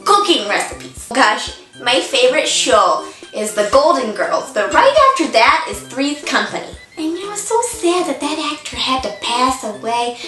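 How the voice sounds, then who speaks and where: A woman's voice: big pitch swings, normal speed, hardly any pauses, pushed and bright, recorded from a distance, exaggerated voice. A woman playing a daffy, chatty middle-aged mom, rambling in a folksy way in a comedy sketch monologue. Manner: rambling, folksy, chirpy with sudden shrill outbursts. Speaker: comic character monologue. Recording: echoey room, voice off-mic, music behind.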